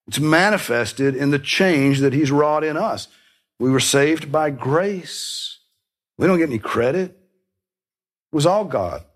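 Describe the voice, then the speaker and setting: A man preaching a sermon, explaining scripture in an earnest teaching manner with small restarts and soft laughs. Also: medium pitch. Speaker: pastor.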